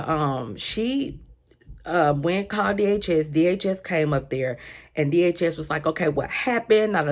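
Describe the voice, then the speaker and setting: A woman with a slightly low voice tells a storytime from her daycare job. She chats loosely, circles back often and keeps calling out to her viewers. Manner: chatty, addresses listeners as y'all, lots of asides. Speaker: vlogger telling a workplace story. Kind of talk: casual storytime.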